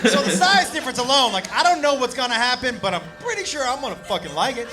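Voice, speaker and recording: A man doing stand-up comedy, telling a story in an excitable, profane, animated way. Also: extremely high pitch, fast talker, over loud music. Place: comedy club stage. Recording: live club, loud crowd and noise. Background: audience laughter and noise.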